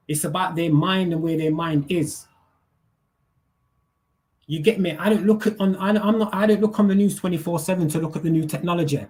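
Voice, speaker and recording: Heated high-voiced man. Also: warm tone. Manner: heated, profane, slangy, keeps asking "you get me". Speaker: livestreamer. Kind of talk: casual livestream rant.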